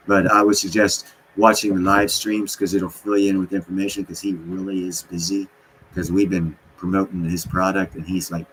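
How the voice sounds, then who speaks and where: Deep-voiced man rambling on a livestream. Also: a little hiss or hum, low-quality recording. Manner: rambling, full of fillers. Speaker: livestream host. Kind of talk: casual livestream talk. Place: unfinished basement.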